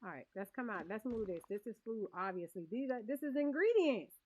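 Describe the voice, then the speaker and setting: Streaming a cozy game, a woman chats with her viewers and laughs a lot, her slightly high voice lively in intonation, brisk and a touch mellow. It's casual stream talk captured in dull, lo-fi audio.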